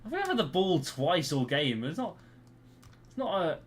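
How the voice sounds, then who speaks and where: A man's voice: on the high side, big pitch swings, normal speed, slight background noise. A British man streaming a game live, grumbling and swearing at his teammates' play. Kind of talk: live gameplay commentary.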